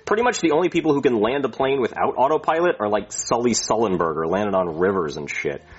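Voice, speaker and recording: A man doing a crude, boastful airline pilot who rambles on in a lively, swinging voice. His tone is a little husky, and the audio is muffled and lo-fi. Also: fairly low pitch, fast talker.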